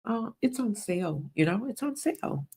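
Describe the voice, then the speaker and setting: A woman's voice: lowish voice, animated, moderate pace, fairly bright tone. A woman voicing a tempting spirit that whispers coaxing suggestions about spending.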